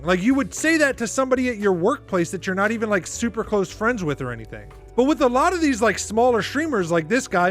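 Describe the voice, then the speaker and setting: Podcast host, male, high voice, talks in a loose, exasperated ramble. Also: a bit bright. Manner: rambling, exasperated, heavy use of "like". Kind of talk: casual reaction commentary.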